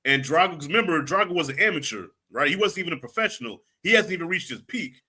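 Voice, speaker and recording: A middle-aged man in casual chat, telling stories with energy and acting out quotes loudly. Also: on the high side, fast talker, slightly rough. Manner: animated storyteller, acts out quotes loudly.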